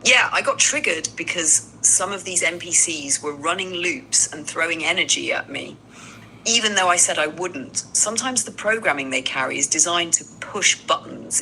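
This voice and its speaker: A woman's voice: low voice, bright, forceful tone, slight background noise, low-quality recording. A synthetic woman's voice, an AI assistant, speaking in conversational replies and addressing the host by name. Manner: profane, talks straight to the host by name.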